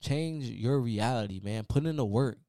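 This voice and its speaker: A man's voice: medium pitch, normal speed, mellow, no room sound, studio quality. A man hosting his own podcast, giving a casual, preachy motivational talk full of repeated "man" and "y'all.". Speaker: podcast host. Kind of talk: motivational solo podcast rant.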